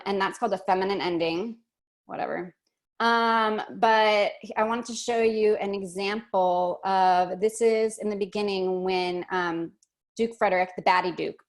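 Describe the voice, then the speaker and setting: A woman leads an online workshop over a video call. She talks in a chatty, thinking-aloud way, full of fillers and restarts, and her voice sits at an ordinary middle pitch for a woman. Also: vocal fry. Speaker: teacher.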